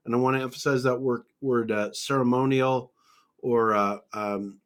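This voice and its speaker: A man's voice: medium pitch, steady tone, moderate pace, a bit bright. Methodical man teaching on a podcast. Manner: methodical, lists points with scripture references.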